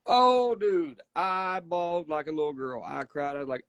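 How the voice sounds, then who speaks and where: A man tells wrestling stories in a relaxed, folksy way. He gets emphatic and swears freely. His voice is recorded close and dry, with no room sound at all. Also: a little high, normal speed, hardly any pauses, dry recording. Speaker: wrestler guest. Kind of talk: casual interview storytelling.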